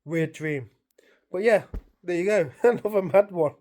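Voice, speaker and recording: A woman's voice: on the low side, a little slow, dark tone. A woman, rambling through a casual story to camera, full of fillers and repeated phrases. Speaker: vlogger.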